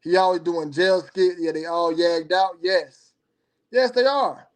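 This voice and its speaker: A man with a notably high-pitched voice hosts a casual livestream and answers viewer comments as they come in. He gives blunt opinions, jumps between rapid bursts and slow, drawn-out words, and keeps the delivery loose and conversational. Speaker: livestream host.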